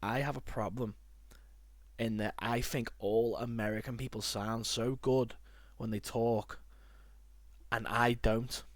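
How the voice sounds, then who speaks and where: A man's voice: medium pitch, takes it slowly, no room sound. Northern English man, young adult, casual podcast chat, rambling, dry close sound. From north of England, near Liverpool. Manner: chatty, rambling, animated when joking. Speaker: podcast host.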